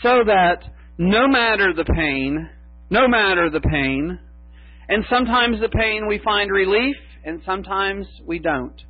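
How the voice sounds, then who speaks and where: A man preaching a sermon as pastor, slow and emphatic with long pauses. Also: sits high, animated, breathy edge, dry recording. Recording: tinny phone-like sound with mains hum.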